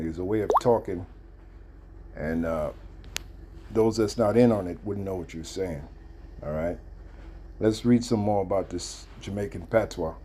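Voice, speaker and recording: A man in his fifties hosting a video, chatting and reading aloud in a halting way with many fillers and restarts. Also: low voice, darkish tone. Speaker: video host. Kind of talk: casual commentary and reading aloud.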